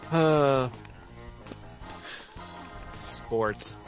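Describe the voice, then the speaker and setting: A man's voice: medium pitch, drawn-out words, highs cut off, soft background music. Teasing man hosting a talk show. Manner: teasing, upbeat. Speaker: host. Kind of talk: casual podcast chat.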